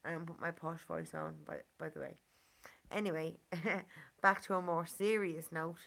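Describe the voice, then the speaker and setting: An Irish woman with a Dublin accent speaks in an unhurried, earnest monologue. Her voice sits a little low and has a gravelly fry to it. She leans on "you know" again and again as she talks. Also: fairly even intonation, a bit bright. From Ireland. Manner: earnest, repeats 'you know' often. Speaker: community member speaking to a channel. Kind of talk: casual monologue.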